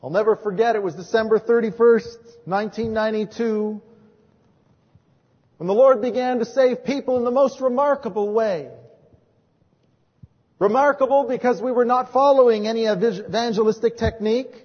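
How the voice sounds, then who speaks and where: A man's voice: very high voice, moderate pace, breathy edge. A man preaching a sermon, telling earnest stories and acting out the dialogue. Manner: earnest storytelling, acts out quoted dialogue. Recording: dull lo-fi audio with long hall reverb.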